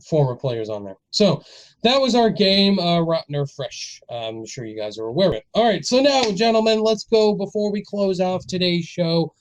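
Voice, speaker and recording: A man's voice: high-pitched, very animated, normal speed, poor audio. Upbeat man hosting a podcast. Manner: upbeat, leads the segments. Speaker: podcast host. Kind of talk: casual podcast chat.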